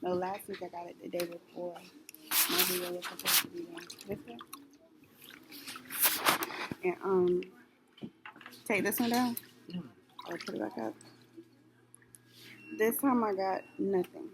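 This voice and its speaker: A young woman vlogger in casual chat to camera, rambling and animated, full of slang and fillers. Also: fairly low pitch, unhurried, long pauses, background noise.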